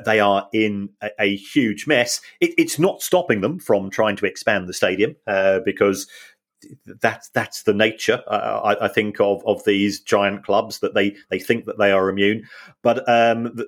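A man co-hosting a football podcast, talking things through in a measured way with many fillers and restarts. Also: on the low side. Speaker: podcast co-host. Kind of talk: casual football finance chat.

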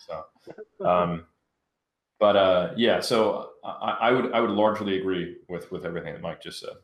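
Deep-voiced man in a roomy echo. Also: normal speed. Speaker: panel guest. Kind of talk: casual panel discussion.

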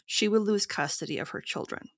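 A woman co-hosting a podcast, reading out researched history to her co-hosts in a steady, measured way. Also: medium pitch, no echo, studio quality. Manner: steady, measured storytelling with frequent short agreements. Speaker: podcast co-host.

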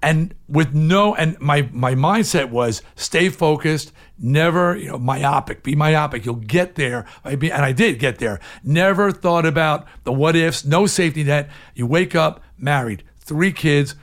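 An older man talking as an interview guest, his voice sitting a little higher than most men's. He tells his story in a candid, animated way, shouting some points and dropping others almost to a murmur. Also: a little slow, hardly any pauses. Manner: animated, swings from loud emphatic outbursts to low hushed asides.

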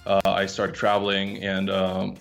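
A man's voice: low voice, monotone, measured pace, vocal fry, fairly bright tone, faint music behind. A man in his twenties, a podcast guest, talking in a laid-back way with many fillers. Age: 20s. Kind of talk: casual interview.

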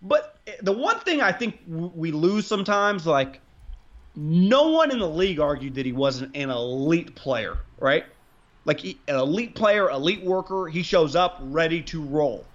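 A man chats casually about sports on a podcast in a rambling, excitable way, swearing freely. His voice sits a bit high, and the recording sounds muffled and lo-fi. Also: measured pace. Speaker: podcast co-host.

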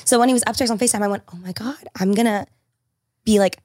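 A young woman telling a funny story in casual podcast chat, animated and quick to swear, acting out quotes. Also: mid-range voice, no echo, clean studio sound. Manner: animated, swears freely, quotes others in raised voice.

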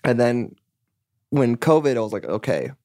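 A young man from California talks very quickly in a loose, rambling way. He fills his speech with "like" and curses, and he acts out his own past conversations. The sound is dry and close, with no room echo. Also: mid-range voice, expressive, a little mellow. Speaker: musician guest. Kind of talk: candid casual chat.

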